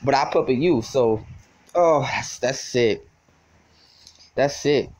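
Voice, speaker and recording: Slow and a little mellow at a medium pitch, a young male vlogger chats on the phone in a taunting, profane way. He frequently stammers and says words over again.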